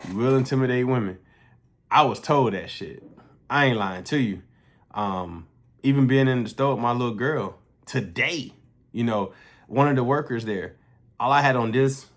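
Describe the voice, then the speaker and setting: A man's voice: medium pitch, a bit bright. A man talking casually and bluntly to his viewers in a vlog, swearing freely as he tells a story. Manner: blunt, profane, conversational. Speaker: fitness coach.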